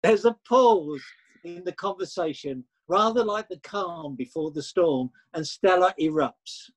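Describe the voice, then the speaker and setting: A man gives plain, matter-of-fact scripted narration in a high, husky voice. He reads the story lines evenly between the scenes. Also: animated, unhurried, low-quality recording.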